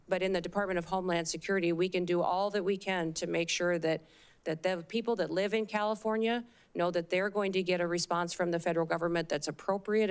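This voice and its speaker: A woman's voice: on the low side, smooth. Woman with a South Dakota accent testifying. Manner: measured, steady answers with occasional um. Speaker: nominee testifying at a Senate hearing. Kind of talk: formal hearing testimony.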